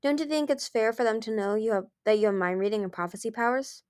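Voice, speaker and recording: A woman's voice: on the high side, fast talker, a little mellow, no echo, studio quality, close to an everyday voice. Darkstalker, a woman voicing a charming old male dragon. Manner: proud, easygoing, smooth-talking. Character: grand charming ancient male dragon, smooth and persuasive.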